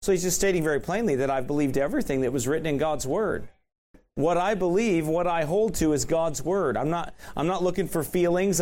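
A man's voice: a little high, a little mellow. A man preaching a sermon in a conversational way, asking rhetorical questions.

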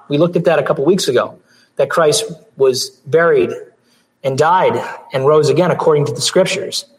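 Man, pastor, hoarse failing voice, earnest sermon, throat clearing, fairly high voice. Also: rough recording. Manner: earnest preaching with frequent restarts and throat clearing. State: voice going out, hoarse.

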